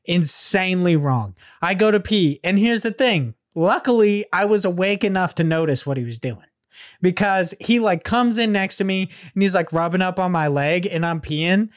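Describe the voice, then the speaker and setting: A man's voice: sits high, expressive, normal speed. A man co-hosting a podcast, telling a rambling, profane story in casual chat. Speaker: podcast co-host.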